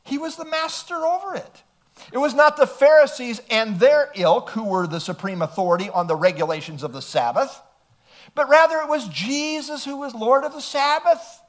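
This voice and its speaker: A man's voice: very high voice, lively intonation, moderate pace. A man preaching a sermon, emphatic and throwing rhetorical questions at his listeners.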